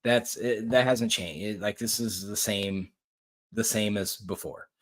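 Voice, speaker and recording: Middle-aged male podcast host, lower voice, blunt and rambling, casual and profane. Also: steady tone, unhurried. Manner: blunt, rambling, swears freely. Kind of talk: casual political commentary.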